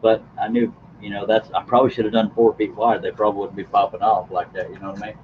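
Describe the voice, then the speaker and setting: A folksy, joking man, hosting a casual live stream and chatting to his viewers. His voice sits low. The recording sounds a little dull, with faint background noise. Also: flat delivery, fast. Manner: folksy, joking, chuckles often.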